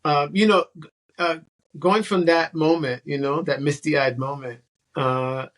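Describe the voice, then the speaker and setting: An interview host speaking at a middle pitch who works slowly toward a question, hesitating and restarting as he goes. Between turns he backs the guest up with brief acknowledgements. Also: steady tone. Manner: hesitant, many fillers and restarts, frequent brief backchannels. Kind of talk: casual interview.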